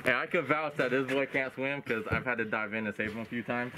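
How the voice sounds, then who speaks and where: A man's voice: mid-range voice, level tone, a little fast. A man hosting a fishing video from a boat outdoors, teasing and joking in a laid-back way while holding a camera. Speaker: fishing channel host. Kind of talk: casual outdoor banter. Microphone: handheld camera. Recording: loud wind and water noise outdoors.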